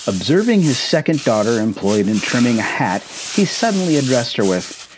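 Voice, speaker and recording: A man in a whispered role-play, playing a tiny boyfriend and softly reading a book aloud. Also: mid-range voice, sing-song, moderate pace, noisy background.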